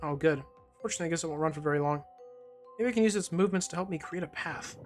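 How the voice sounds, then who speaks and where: A gaming streamer playing through a game and reading its lines aloud, with wry, deadpan asides. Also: mid-range voice, very fast. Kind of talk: let's-play commentary and reading dialogue aloud. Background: faint game music.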